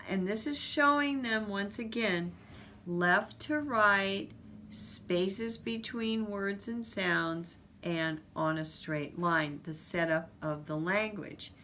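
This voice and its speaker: Slow, patient woman teaching letters. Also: on the low side, fairly bright tone, slight background noise. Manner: slow, patient, explains step by step. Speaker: reading teacher. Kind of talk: instructional demonstration.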